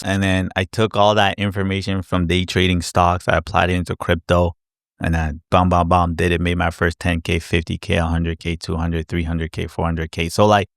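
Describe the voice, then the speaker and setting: Guy doing a live stream q&a, lowish voice, bounces around a lot with bam bam sounds, dry close phone mic. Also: normal speed, few pauses, dry recording. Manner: animated, acts out his own past reactions with sound effects. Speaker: crypto educator hosting a live Q&A. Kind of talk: casual livestream chat.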